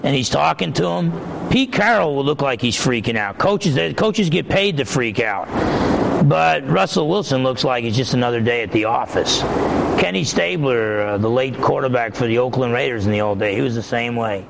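A man's voice: medium pitch, animated, normal speed, gravelly, slight background noise, poor audio. A man preaching as a pastor, making his points emphatically and repeating them, his voice climbing when he gets stirred up. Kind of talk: sermon.

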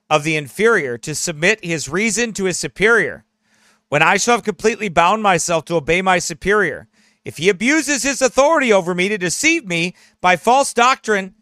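High, bright-voiced male pastor preaching. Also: dry recording, studio quality. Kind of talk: sermon, reading aloud from a memoir.

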